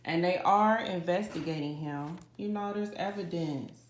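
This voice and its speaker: A woman's voice: on the low side, normal speed, a little hiss or hum. A woman tarot reader giving a casual, dramatic psychic reading at home, talking straight to her viewers. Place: home kitchen. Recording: roomy home echo.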